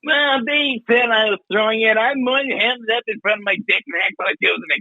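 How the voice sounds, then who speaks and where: A shrill, squeaky oddball who whines and shouts through every reply, his accent wandering all over. The voice sits extremely high with a sharp, tense edge. It is recorded close and dry, with no room sound. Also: a little fast, no room sound, dull audio, exaggerated voice. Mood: whiny. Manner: whiny, shouting, rambling. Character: squeaky odd adult man from a news story, shifting accents. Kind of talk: improvised comedy podcast bit.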